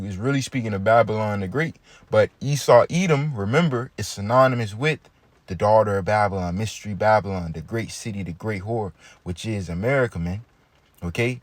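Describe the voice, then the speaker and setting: A man's voice: on the low side, no room sound. A man teaching from the Bible in a casual way, reading verses aloud and checking in with his listeners with a frequent "okay?". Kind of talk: scripture teaching.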